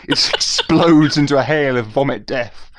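A man's voice: mid-range voice, normal speed, dry recording, studio quality. A man playing a tabletop game, making jokes and teasing the other players. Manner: joking, teasing. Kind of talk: casual tabletop role-play.

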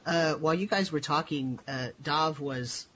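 A man narrating as game master in a tabletop game, halting with many fillers. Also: fairly high pitch, fairly bright tone. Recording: dull lo-fi voice chat with faint hiss.

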